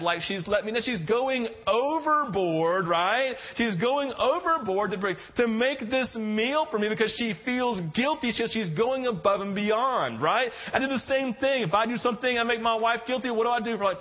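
A man's voice: sits high, expressive, normal speed, few pauses. A man preaching a sermon as a pastor, telling stories in a conversational way and often checking in with "right?". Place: church sanctuary with congregation. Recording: dull lo-fi sound.

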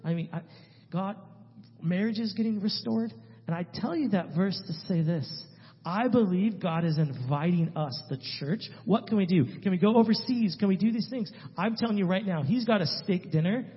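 A man, a missionary speaking to a church, telling a story in an emphatic way that swings between loud and hushed. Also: sits high, moderate pace. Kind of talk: animated testimony storytelling. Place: church sanctuary. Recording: reverberant hall, dull lo-fi sound.

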